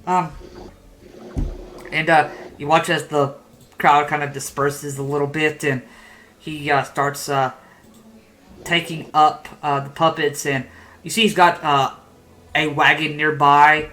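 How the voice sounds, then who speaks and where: A woman's voice: deep voice, level tone, slow pace, long pauses, fairly bright tone, poor audio. A woman narrating a tabletop game as game master, rambling with many fillers.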